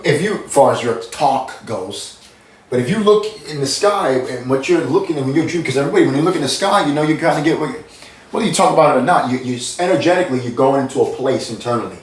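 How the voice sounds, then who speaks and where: A man from the United States giving a meandering, repetitive spiritual monologue, restarting and circling back as he explains his ideas earnestly. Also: medium pitch. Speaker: spiritual channel host. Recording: roomy sound, mic at a distance.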